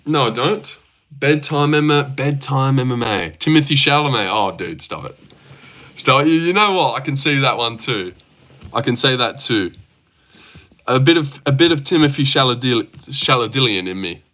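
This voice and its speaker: A man's voice: mid-range voice, lively intonation, moderate pace, bright, forceful tone. A young man hosting a casual livestream, reading viewer comments aloud and bantering back in a joking way. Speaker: livestream host. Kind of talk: casual live-stream chat.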